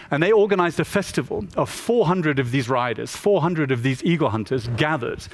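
A man giving a public talk as a photographer, telling stories in an animated way and acting out the people he quotes. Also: a little high, a little fast, few pauses.

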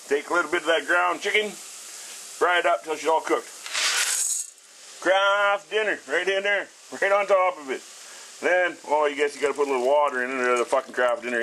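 Cooking and showing off his small house, a middle-aged vlogger rambles on, swearing constantly and speaking bluntly in a casual profane rant. His voice runs on the high side with a fairly bright tone, and there's slight background noise.

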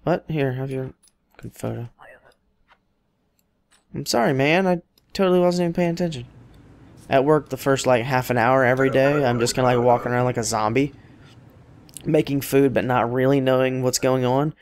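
A man's voice: mid-range voice, steady tone, moderate pace, pauses often, dry recording. A man casually commenting on his own gameplay, rambling and joking as he talks to the characters on screen. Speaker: let's play host.

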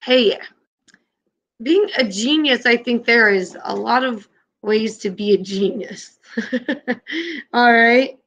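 A woman's voice: on the high side, takes it slowly, long pauses, a bit bright, lo-fi sound. A woman teacher leading an online class, upbeat and encouraging with her students.

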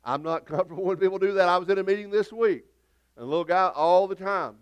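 Folksy pastor preaching. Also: male voice, high voice, fast, clear, resonant tone, lo-fi sound. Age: middle-aged. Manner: folksy, rambling storytelling with many restarts. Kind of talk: sermon. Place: church sanctuary.

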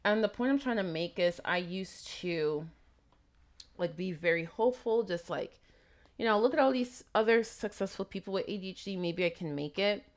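A woman's voice: mid-range voice, animated, normal speed. A woman talking casually and reflectively in a vlog, with a slight trace of a foreign accent, rambling through asides and questions. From immigrant raised in Texas. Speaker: vlogger.

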